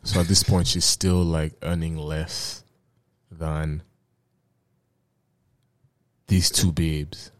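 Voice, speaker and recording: A man hosts a casual podcast in a very low voice. He talks in a laid-back way, swears freely and drops in slang, and the recording is dry and close with no room sound. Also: level tone, very slow, long pauses, no room sound. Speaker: podcast host. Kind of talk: casual chat.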